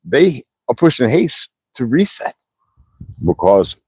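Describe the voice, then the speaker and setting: A man's voice: mid-range voice, slow pace, breathy edge, dry recording. A man talking on a livestream, preaching in a rambling, wandering way and reading out viewer comments. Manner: animated, preachy, digressive.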